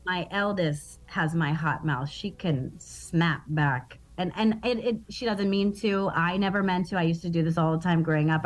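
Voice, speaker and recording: A woman in her thirties from East Baltimore, a comedian talking in a casual interview, with a Baltimore accent that slips into Trinidadian, lively and laughing as she tells stories. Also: lowish voice. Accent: Baltimore with Trinidadian traces. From East Baltimore, USA. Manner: lively, laughing, witty storyteller. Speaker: comedian guest.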